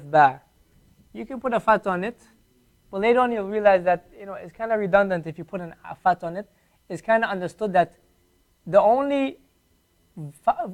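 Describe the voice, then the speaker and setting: Man, high voice, Arabic teacher, classroom lesson, patient, drills sounds slowly.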